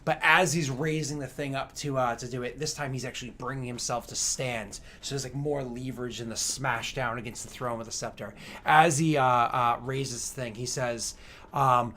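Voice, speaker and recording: A man's voice: medium pitch, steady tone, fairly bright tone. Man narrating a tabletop game. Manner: halting, filler-heavy descriptive narration. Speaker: game master.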